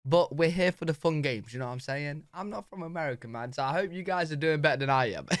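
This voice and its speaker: A British man hosting a reaction video, talking in a chatty, excitable way with lots of casual slang. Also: a little high, fast, dry recording, clean studio sound. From Britain. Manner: chatty, excitable, says "bro" and "like" a lot.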